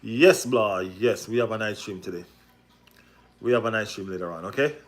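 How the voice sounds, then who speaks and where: Excitable man ranting. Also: on the low side, normal speed. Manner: excitable, repeats himself, rhetorical questions. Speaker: football livestream host. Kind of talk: casual livestream rant.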